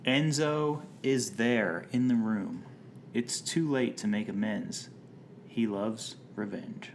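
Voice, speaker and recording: A man's voice: lowish voice, slow, vocal fry, slight background noise. A man co-hosting a podcast, casually recapping a TV episode from his notes with playful jokes and wordplay. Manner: jokey, playful, summarizes from notes. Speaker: podcast co-host.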